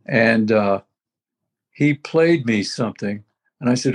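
A man's voice: mid-range voice, animated, a little slow. An older man talking casually as a veteran musician, rambling and reminiscing with many restarts. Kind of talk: casual conversation.

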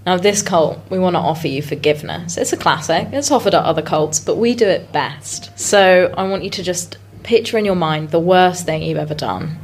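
A woman's voice: on the low side, normal speed, few pauses, soft background music. A woman co-hosting a comedy podcast, bantering in a dry, mock-solemn, teasing way. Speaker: podcast co-host.

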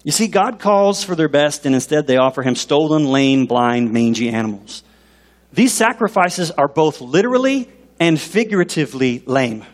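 A man preaching a sermon as a pastor. He talks in an animated way and asks the congregation questions. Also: a little high, normal speed. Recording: long reverb in a large hall.

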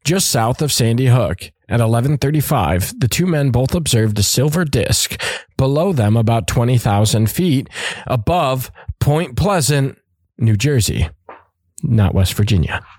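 A man's voice: mid-range voice, animated, measured pace, darkish tone, husky, no echo, studio quality. A man hosting a podcast who reads out a story in a casual way, with asides and joking and some swearing. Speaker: podcast host.

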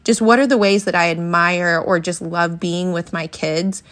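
A woman's voice: on the low side, fairly even intonation, normal speed, a bit bright. A woman, hosting a faith-based parenting podcast in an earnest, encouraging way. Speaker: podcast host.

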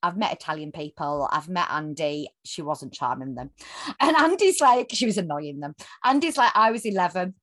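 A woman's voice: deep voice, expressive, moderate pace, fairly bright tone, no room sound. A woman co-hosting a podcast, recapping a show in casual, sweary, jokey chat and acting out the characters' lines. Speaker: podcast co-host.

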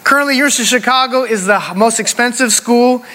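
A pastor in his forties, with an extremely high, sharp voice and a quick pace, preaches a sermon, emphatically telling a personal story and addressing the congregation as "y'all." The audio has long hall reverb.

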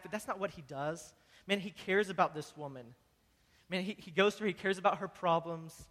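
A man's voice: high-pitched, fairly quick, a bit bright, long reverb tail. A man preaching a sermon in a casual, earnest way, often saying "man" and repeating words as he goes. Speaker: pastor.

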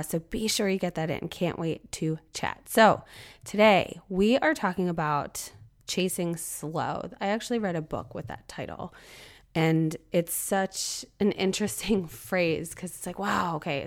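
A woman with a slightly low voice hosts her own podcast while fighting off a cough, so her voice sounds strained and worn. She rambles in a friendly, chatty way and bursts into exclamations when something bothers her. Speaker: podcast host and photographer. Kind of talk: casual solo podcast talk.

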